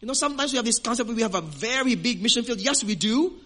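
High-voiced Filipino pastor preaching. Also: male voice, animated, fast talker, pushed and bright. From Western Visayas, Philippines. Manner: earnest, repeats words while searching for phrasing. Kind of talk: sermon.

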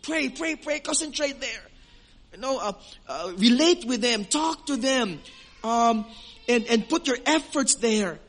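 A man's voice: very high-pitched, lively intonation, measured pace, fairly bright tone. A man with a Filipino accent, a pastor preaching an earnest sermon who often repeats words while he searches for his phrasing. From Western Visayas, Philippines.

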